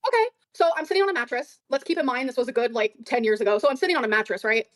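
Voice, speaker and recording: A woman races through a personal story on a stream, swearing and defensive. Her voice is high, the pace breakneck, and the sound dry and close. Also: no room sound. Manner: rapid, profane and defensive. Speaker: guest on a stream. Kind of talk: casual storytelling in a stream clip.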